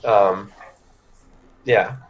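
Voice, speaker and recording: A man's voice: lowish voice, fairly even intonation, extremely slow, muffled recording, a little hiss or hum. Blunt man playing a tabletop game. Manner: casual, blunt, rambling. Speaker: player. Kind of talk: tabletop role-play, in character.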